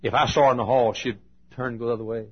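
A man preaching a sermon, telling folksy stories and swinging between loud and hushed delivery. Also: medium pitch, fairly even intonation, fast, breathy edge, lo-fi sound. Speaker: pastor. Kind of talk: sermon storytelling.

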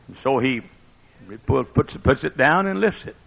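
Male preacher, dramatic sermon, gravelly voice, higher pitch, muffled lo-fi recording. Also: lively intonation, unhurried. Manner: dramatic preaching, booming one moment and hushed the next.

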